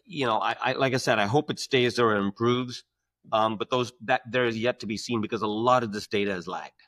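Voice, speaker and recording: A man's voice: mid-range voice, a little fast, a bit bright, no echo. A man joining a casual podcast chat by video call from his office, hesitant and repeating words before making a point. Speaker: podcast guest. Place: home office.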